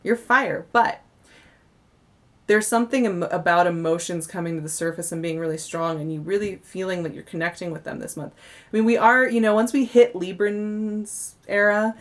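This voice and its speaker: A young woman giving a casual monthly tarot reading, chatty and effusive, laughing often and a little tired. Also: lowish voice. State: yawning, tired. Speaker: tarot reader.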